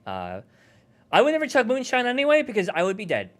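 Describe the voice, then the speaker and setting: A man's voice: high voice, wildly swooping pitch, fast. A man hosting a casual livestream commentary, chatty and self-deprecating. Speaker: host.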